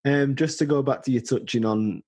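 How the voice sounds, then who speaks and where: A man hosting a podcast, asking questions in a relaxed and agreeable way. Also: mid-range voice, fairly quick, husky, no room sound. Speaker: podcast host. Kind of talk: casual interview.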